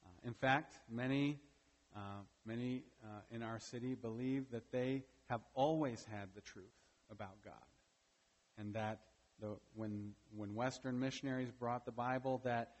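A male pastor delivers a sermon at a mid-pitched, ordinary register, pressing his points with emphasis and checking in with the congregation through quick tag questions. His voice carries a long reverb tail from the church hall around him. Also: fairly even intonation, dull audio. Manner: emphatic preaching with frequent "right?" tag questions. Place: church during a morning service.

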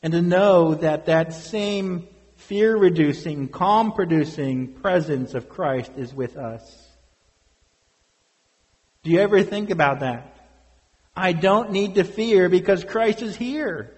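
A pastor preaching with earnest, questioning emphasis. His voice sits a little high for a man, and it rings with a long reverb in a church hall. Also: lively intonation, slow pace, a little mellow. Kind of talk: sermon.

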